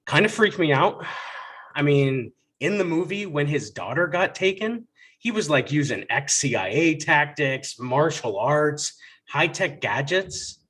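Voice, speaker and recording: Animated male stand-up comic. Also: on the high side, unhurried. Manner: animated storytelling, acts out family dialogue. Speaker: stand-up comedian. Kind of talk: stand-up comedy set.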